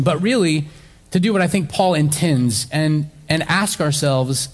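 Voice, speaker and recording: A man's voice: on the high side, measured pace, big-room sound. A male pastor preaching a sermon in a conversational way, with some fillers and restarts as he works through a Bible passage.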